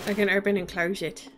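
A woman streamer giving casual, playful gameplay commentary and making silly sound effects as she plays. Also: medium pitch. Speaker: VTuber streamer.

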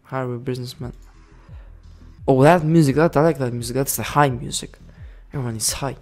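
A man chatting through a video game in loose, rambling commentary. He giggles often and swears freely, in a voice of ordinary middle pitch. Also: steady tone, brisk, a little mellow, soft background music. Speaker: gaming video creator.

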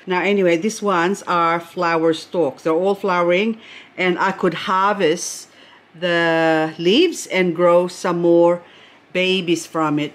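A woman's voice: mid-range voice, takes it slowly. Gushing chatty woman vlogger. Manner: gushing, exclaims over beauty, chatty asides. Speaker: succulent grower unboxing plants. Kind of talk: casual unboxing vlog.

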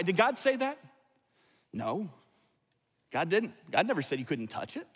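A man preaching a sermon in an easy, wry, conversational manner, fond of asides. His voice sits a little high, and a long reverb from a large church auditorium trails each phrase. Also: wildly swooping pitch, unhurried, breathy edge. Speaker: pastor.

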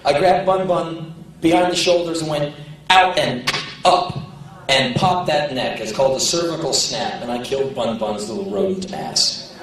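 A man telling a story on stage in an animated, profane way, chuckling as he goes. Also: a little high, normal speed, distant mic. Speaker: spoken-word performer. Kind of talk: live comic storytelling. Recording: echoey live hall, voice heard from afar.

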